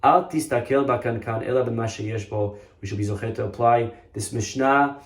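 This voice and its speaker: With a mid-range voice and moderate pace, a male rabbi gives a sermon built on earnest storytelling and emphatic repetition. The recording carries a roomy echo.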